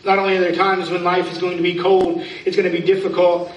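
High-voiced preacher, echoey and distant. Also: male voice, monotone, fast talker, lo-fi sound. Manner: conversational preaching with questions to the congregation. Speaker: pastor. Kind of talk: sermon. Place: church sanctuary. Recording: echoey room from far off.

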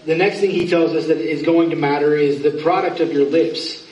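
A man's voice: on the high side, fairly even intonation, moderate pace, darkish tone. A pastor in his thirties giving an earnest, pleading sermon, with self-mocking asides. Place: church sanctuary. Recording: echoey room, from far off.

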